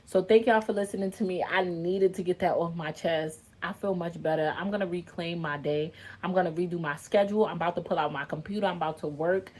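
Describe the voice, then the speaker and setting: A woman speaking in in an emotional vlog, venting straight to her viewers, animated and swearing freely. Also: fairly low pitch, a little fast, hardly any pauses. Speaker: content creator venting to viewers.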